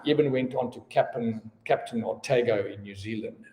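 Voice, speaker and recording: A man's voice: mid-range voice, moderate pace, noisy background. A man in his fifties teaching a class, chatty and given to storytelling asides. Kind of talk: classroom lesson. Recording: echoey room with long reverb.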